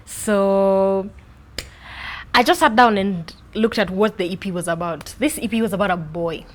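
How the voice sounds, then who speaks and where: A young woman, answering interview questions in an animated, expressive way about her life and podcast. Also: medium pitch, unhurried. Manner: animated, expressive, playful with accents. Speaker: podcast host being interviewed. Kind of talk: casual interview chat.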